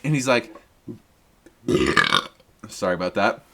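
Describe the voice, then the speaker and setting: A young man, a delivery driver, telling funny work stories in a casual, animated way, swearing and laughing as he acts out quotes. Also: mid-range voice, slow. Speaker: food delivery driver and vlogger. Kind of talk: casual storytelling monologue.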